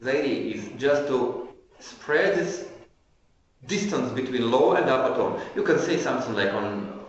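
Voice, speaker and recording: A male trainer giving an online lecture. He explains as he goes, often stops to restart a phrase, and demonstrates changes of pitch and pace with his own voice. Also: animated, a little hiss or hum. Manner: halting, frequent restarts. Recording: echoey room, dull lo-fi sound.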